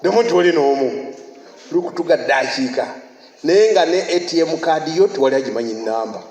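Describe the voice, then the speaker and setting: A man from Uganda preaching a sermon as pastor, animated and emphatic, breaking into laughter and shouts. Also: fairly high pitch, fairly quick. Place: church. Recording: echoey church hall, faint noise.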